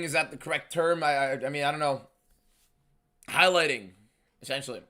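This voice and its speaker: Young male host of a live fight stream, slightly high voice, rapid-fire, pushes every line hard. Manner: emphatic and shouty, reading viewer messages aloud.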